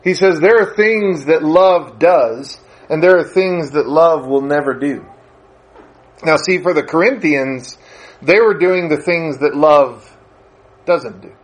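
A male preacher delivering a sermon with animated storytelling. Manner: animated storytelling, pitch rising with emphasis.

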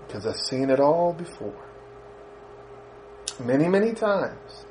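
A man voicing his shrewd older mother, speaking low, quiet and matter-of-fact. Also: lively intonation, fairly quick, a little hiss or hum, low-quality recording. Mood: calm knowing.

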